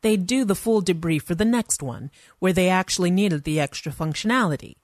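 A woman's voice: lowish voice, lively intonation, brisk, darkish tone, no room sound, clean studio sound. A woman narrating a first-person story in a wry, conversational manner.

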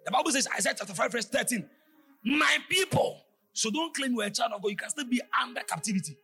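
A man preaching a fervent sermon, often shouting and sliding into a sing-song cadence. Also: very high-pitched, expressive, fast talker, gravelly.

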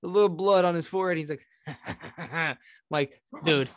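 Man, podcast co-host, fairly high voice, crude jokes, dry close sound. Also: normal speed, no echo. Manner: joking, crude banter. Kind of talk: casual podcast chat.

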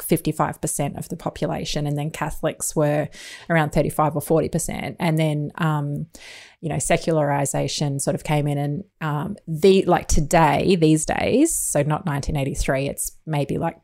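Woman co-host, somewhat low voice, relaxed chatty delivery with lots of filler words. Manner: chatty, researched, lots of ums and asides. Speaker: podcast co-host. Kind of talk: casual chat.

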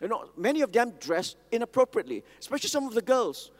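Speaking quickly in an extremely high voice full of big pitch swings, a man delivers a sermon in a reverberant hall. He weaves in stories and poses questions to his listeners.

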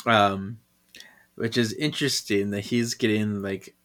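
A man's voice: fairly low pitch, fairly even intonation, measured pace, a crowd in the background. A man co-hosting a podcast, chatting casually about a comic, musing and laughing often. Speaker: podcast co-host. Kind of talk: casual comic read-along recap.

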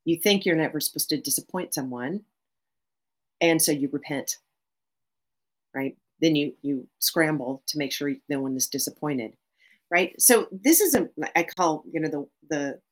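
A middle-aged woman therapist talks as a guest on a podcast. Her voice sits low, and she speaks in an animated way, restarting phrases and checking in with "right?". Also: moderate pace. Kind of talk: podcast interview.

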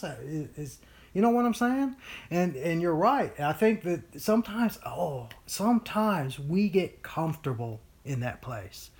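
A Bible study leader teaching informally to a small group, animated, often acting out whiny voices, with many fillers and restarts. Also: medium pitch, a little slow.

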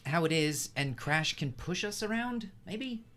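A man's voice: fairly high pitch, expressive, a little slow, a bit bright, slight background noise. A man playing a tabletop game, making suggestions and plans. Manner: planning, suggesting moves. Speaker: player.

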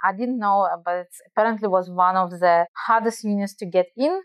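Woman with a Russian accent, smooth voice. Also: medium pitch, fast, no echo. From Belarus. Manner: earnest, thinking aloud with many restarts. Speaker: guest. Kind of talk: casual interview answers.

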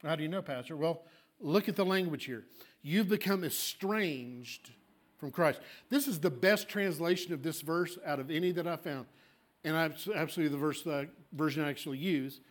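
A male pastor preaching a sermon, emphatic, swinging between loud declarations and hushed asides. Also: a little high, normal speed. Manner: acts out congregants' objections in a small voice.

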